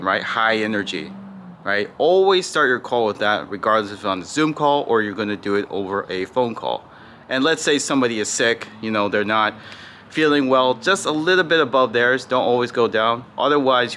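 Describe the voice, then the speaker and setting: A man coaching listeners on how to sound on sales calls, in a fairly low but bright, pushing voice. He talks in a mostly flat, unhurried way and keeps checking in with "right?". A faint hum of noise sits behind him. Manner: calls his own default voice flat and slow, demonstrates tones; frequent "right?" and "you know" fillers. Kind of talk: casual spoken tutorial.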